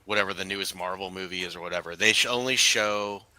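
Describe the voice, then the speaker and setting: Bright-voiced man in loose tipsy chat. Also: deep voice, fast talker, no room sound, rough recording. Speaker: co-host. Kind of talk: casual chat.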